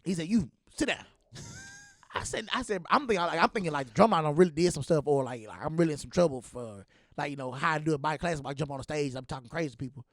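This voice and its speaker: A young man hosting a podcast, telling stories in a casual, animated way and acting out the voices of the people he quotes. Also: on the high side, quick pace, dry recording, clean studio sound. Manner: animated, acts out quoted voices, laughs often. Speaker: podcast host. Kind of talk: casual storytelling chat.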